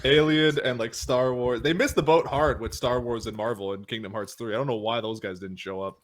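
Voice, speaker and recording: A man's voice: medium pitch, fairly even intonation, fairly quick, slight background noise. A man co-hosting a casual podcast chat, rambling with lots of restarts. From Canada. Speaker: podcast co-host.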